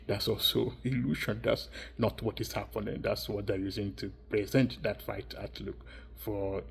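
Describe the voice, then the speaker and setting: A man's voice: lowish voice, level tone, normal speed, creaky, husky. A man giving a rambling, insistent monologue, repeating and restarting his phrases as he circles his points. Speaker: vlogger.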